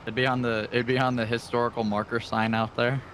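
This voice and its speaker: A man bantering on a farming game stream, quick and joking in casual chat. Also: medium pitch, level tone, a bit bright, slight background noise, low-quality recording.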